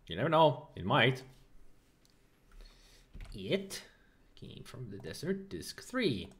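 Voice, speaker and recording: A man's voice: mid-range voice, big pitch swings, takes it slowly, husky. A man giving casual, joking gameplay commentary, rambling and swearing freely, with game music playing behind. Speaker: let's play commentator.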